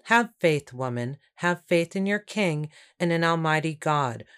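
A woman's voice: sits low, expressive, measured pace, a bit bright, clean tone. A woman reading the lines of a stern, devout chieftain in a storybook, firm and insistent.

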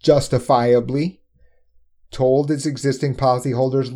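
A man explaining insurance pricing in a quick, emphatic talk, often tossing in rhetorical "right?" asides. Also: on the low side, mellow.

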